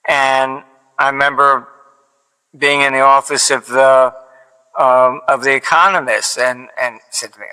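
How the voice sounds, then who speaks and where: A man's voice: medium pitch, level tone, a little slow, bright, forceful tone, smooth. A man telling long stories in casual talk, full of fillers and restarts, who acts out the quoted back-and-forth of each anecdote with a dry delivery. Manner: rambling, many fillers and restarts. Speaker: financial analyst guest. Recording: long hall reverb.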